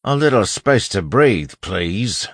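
This is a sly lawman passing himself off as a gang member, in a storybook reading, voiced by a man. He keeps his voice soft and low with a threatening edge. It sounds breathy and dry up close. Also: animated, takes it slowly, dry recording, exaggerated voice. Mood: pressing. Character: sly male lawman posing as a gang thug.

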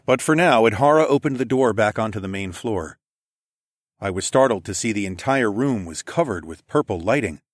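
A man's voice: lowish voice, lively intonation, moderate pace, no echo, clean studio sound. A man reading a first-person story aloud in a casual, wry tone. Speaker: narrator.

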